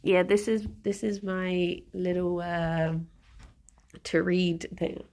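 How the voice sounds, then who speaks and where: Slow, gravelly woman streamer. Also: fairly low pitch, little pitch movement, darkish tone. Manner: chatty, halting with fillers, baby-talks to her pet. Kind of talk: casual chat to a live stream.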